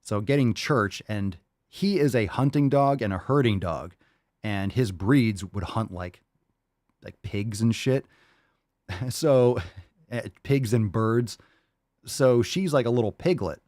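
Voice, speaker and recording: A man's voice: mid-range voice, takes it slowly, long pauses, darkish tone, no room sound, clean studio sound. A young man hosting a podcast, talking loosely and casually, laughing often and swearing freely. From Florida. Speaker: podcast host.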